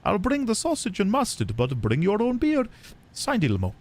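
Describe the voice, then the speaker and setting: A man voicing a gruff older workshop boss in a put-on accent, grumbling about mess and sauna nights. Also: high-pitched, huge pitch swings, normal speed, a little mellow, pitched above the performer's own voice, heavily acted.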